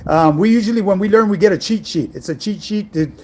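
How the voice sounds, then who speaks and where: A man's voice: high voice, fast talker, a little mellow, a little hiss or hum. A middle-aged man, an online fitness coach, chatting casually on a livestream and answering viewer messages in laid-back street slang.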